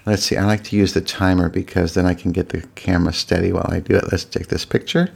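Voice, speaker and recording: A man's voice: low voice, fairly even intonation, fast talker, creaky, a little mellow, husky. A man hosting his own solo podcast in a candid, exasperated, rambling way, full of restarts and stammered repeats. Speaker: podcast host. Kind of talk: casual solo podcast monologue. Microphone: desk podcast mic.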